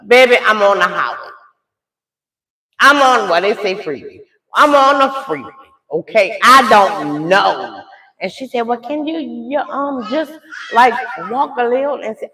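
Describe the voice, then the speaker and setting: An older woman telling a dramatic story to her viewers in a chatty, animated way. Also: on the high side, normal speed, roomy sound. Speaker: live streamer telling a story.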